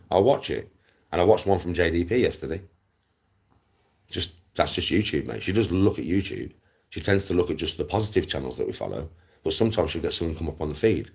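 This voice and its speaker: A man's voice: sits low, darkish tone, slightly rough. A man from Smethwick with a Black Country accent, hosting his own channel and ranting to viewers in a blunt, sweary way that repeats itself, with laughs breaking in. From Smethwick, England. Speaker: YouTube channel host. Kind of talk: casual rant to viewers.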